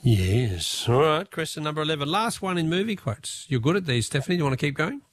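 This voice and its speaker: A man with an Australian accent hosting a radio quiz, jovial and quick-talking, chuckling between callers. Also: a little high, sing-song, a little hiss or hum.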